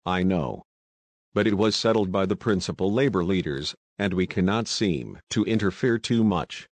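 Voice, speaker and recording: A man voicing a methodical male agent with a clear voice, formal and businesslike. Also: sits low, normal speed, dry recording.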